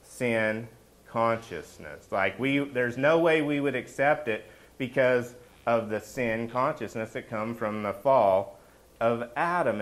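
A man preaching a conversational sermon as a pastor, animated and often asking the congregation questions. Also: medium pitch.

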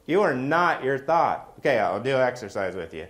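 A man's voice: medium pitch, big pitch swings, moderate pace, fairly bright tone. A middle-aged man preaching a sermon in a conversational way, often asking the congregation questions.

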